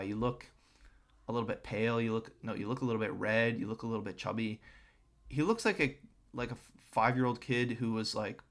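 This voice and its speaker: A young man streaming, reacting to a clip with sarcastic, scornful commentary aimed at the screen. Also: medium pitch. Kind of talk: casual mocking commentary.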